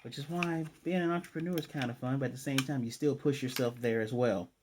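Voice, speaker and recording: A man casually recapping and reviewing an anime episode, rambling and slipping into quick quoted lines of dialogue. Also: medium pitch, background noise. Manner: rambling, retells scenes with quick quoted voices.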